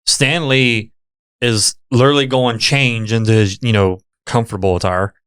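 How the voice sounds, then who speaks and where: A man's voice: medium pitch, fairly even intonation, moderate pace, a bit bright, smooth. A man co-hosting a podcast, retelling a film's plot in a laid-back casual way, leaning on "like" and "literally". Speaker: podcast co-host. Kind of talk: casual film recap chat.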